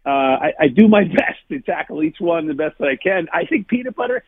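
Husky-voiced man on a phone line. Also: fairly high pitch, lively intonation, fairly quick. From New Jersey. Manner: chatty, self-deprecating, laughs often. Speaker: food challenge TV host, guest. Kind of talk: casual interview chat. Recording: tinny phone-line call.

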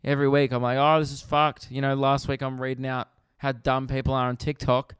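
An Australian man hosting a comedy podcast, delivering an animated, profane, exasperated rant in a monologue. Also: mid-range voice, brisk, clear, resonant tone, no room sound, studio quality.

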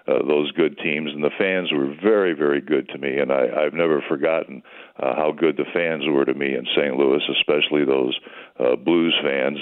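An older man with a strikingly deep, low voice talks in an easygoing, rambling way, like a veteran sportscaster swapping stories. He comes through a thin, phone-like line. He is a guest calling in to a radio show. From United States.

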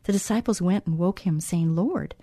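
Woman doing a faith talk show, kinda low voice, chatty and encouraging, dry close sound. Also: moderate pace, darkish tone, no echo. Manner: encouraging, conversational, repeats phrases for emphasis. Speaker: host of a Christian talk show. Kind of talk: devotional talk show monologue.

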